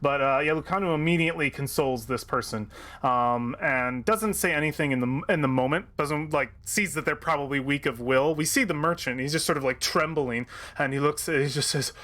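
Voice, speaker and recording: Halting man running a tabletop game. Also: fairly high pitch, fairly bright tone. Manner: halting, many fillers. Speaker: game master.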